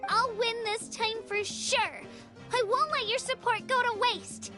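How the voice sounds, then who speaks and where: A high-voiced nervous bear girl, slow and halting, game music behind. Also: fairly even intonation. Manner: hesitant, stammering. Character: young bear girl warrior, shy and nervous.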